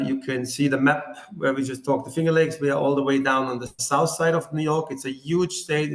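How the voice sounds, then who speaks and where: A winemaker giving a conversational talk to wine writers, walking through slides with slightly non-native phrasing. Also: male voice, mid-range voice, echoey room.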